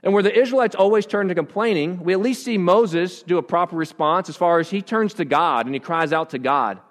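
A man's voice: high-pitched, brisk, in a large hall. A pastor preaching a conversational sermon to his congregation, often restarting his phrases. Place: church.

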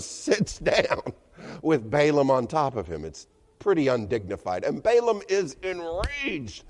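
Speaking to a church congregation, this male pastor delivers a sermon as chatty storytelling, chuckling along the way. He has a fairly high but darkish voice, and the hall adds a long reverb.

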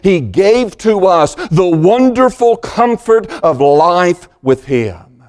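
Pastor, male, slow deliberate sermon, fairly high voice. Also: a little mellow. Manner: slow, deliberate preaching with dramatic pauses.

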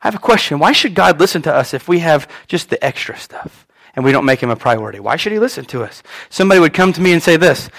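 A man's voice: a little high, expressive, quick pace, vocal fry, few pauses, a bit bright. A male pastor preaching a sermon in an earnest way, repeating his phrases and voicing prayers aloud.

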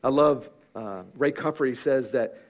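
A man's voice: mid-range voice, moderate pace. A man preaching a sermon in a rhythmic, emphatic manner, appealing directly to his listeners.

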